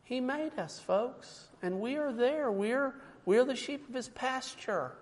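A man's voice: very high-pitched, lively intonation, slow. A man preaching a sermon in a church, emphatic and fond of rhetorical questions, calling his listeners folks. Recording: long reverb from a large hall.

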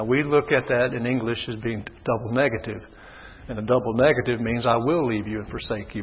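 A man preaching a sermon in a husky voice, swinging between low measured reading and loud impassioned calls. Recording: tinny phone-like sound with long hall reverb.

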